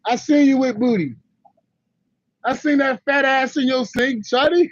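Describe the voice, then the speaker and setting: A man's voice: extremely high pitch, unhurried, no room sound, muffled recording. A man chatting casually on a livestream to his viewers, blunt and rambling, with slang and laughing asides. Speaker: livestream host.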